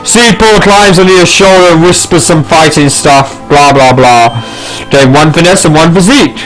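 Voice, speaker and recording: A man's voice: on the high side, normal speed, a bit bright, soft background music, poor audio. A man playing a text game, reading the story aloud with casual asides. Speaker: gamer. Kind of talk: casual let's play narration.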